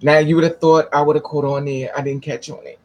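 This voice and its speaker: A man's voice: fairly high pitch, little pitch movement, fast talker, dull audio, slight background noise. A man vlogging, telling a personal story casually, rambling with restarts and swearing.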